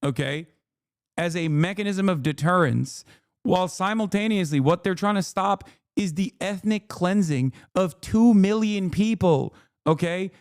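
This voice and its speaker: A man's voice: high-pitched, unhurried, clean tone, no room sound, studio quality. A man hosting a livestream, losing his voice, giving heated, profane and exasperated reaction commentary into a desk mic. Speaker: livestream host.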